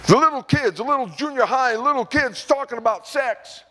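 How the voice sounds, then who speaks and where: A man preaching a sermon in a church, fervent and rambling, rising into shouted praise. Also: very high voice, moderate pace, long reverb tail. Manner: rambling with restarts and repeats. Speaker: pastor.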